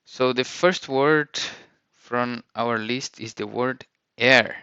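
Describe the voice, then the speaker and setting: A man's voice: medium pitch, slow, sharp tone, smooth, no echo, muffled recording. A man teaching a vocabulary lesson, saying each word and repeating it with careful pronunciation. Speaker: language teacher.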